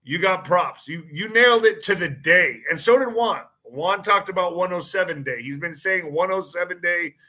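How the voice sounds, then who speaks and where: A man's voice: high voice, normal speed, few pauses, sharp tone. A man hosting his own online show, talking through a casual monologue, repeating phrases and framing his points as questions. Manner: repeats phrases, frequent restarts and fillers; poses claims as pointed questions.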